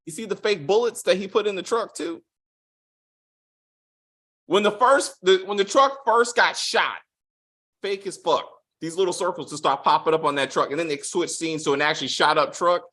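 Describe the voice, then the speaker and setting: A man hosting a casual spoiler review of a TV episode, animated and profane, acting out quotes with big swings in his voice. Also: high voice, normal speed. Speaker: TV review host.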